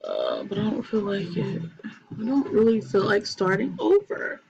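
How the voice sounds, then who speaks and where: A young woman chatting excitedly to her viewers while playing a life-sim game, full of ums and gasps. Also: mid-range voice, normal speed, creaky, muffled recording, noisy background. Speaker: gaming channel host. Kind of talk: casual gameplay commentary. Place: bedroom at home, TV in another room.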